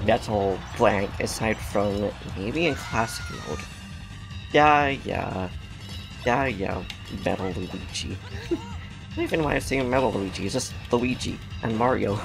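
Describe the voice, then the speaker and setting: A man with a low, gravelly voice talks through a video game in a loose, chatty way. He gets sassy with the enemies and laughs a lot, his pitch jumping around. Game music plays clearly behind him. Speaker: gaming channel host. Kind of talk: casual gameplay commentary.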